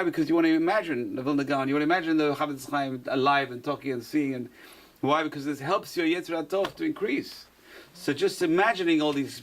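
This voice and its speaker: A man's voice: mid-range voice, creaky. A man, a rabbi, giving an informal Torah class, repeating phrases for emphasis and answering his own questions.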